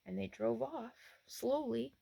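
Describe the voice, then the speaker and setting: A woman's voice: fairly high pitch, unhurried, creaky, slightly rough, no echo. A woman RV vlogger telling a story to the camera from inside her camper, acting out what was said. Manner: animated retelling, acts out quotes. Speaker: RV travel vlogger.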